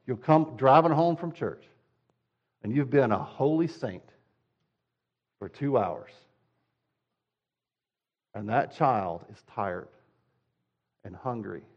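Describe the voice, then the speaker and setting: A man's voice: mid-range voice, animated, takes it slowly, pauses often. Male pastor, sermon; direct, repetitive emphasis; slightly muffled recording.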